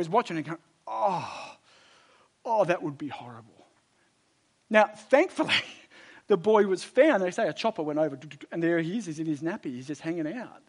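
High-voiced man preaching emphatically. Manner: emphatic, swings from loud exhortation to low intensity; conversational storytelling asides. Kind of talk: sermon.

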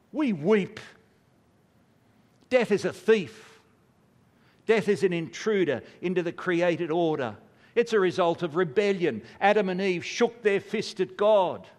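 An older man preaches in a high voice, earnest and emphatic. He slows down for heavy pauses. His voice rings through a long church-hall reverb. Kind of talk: sermon.

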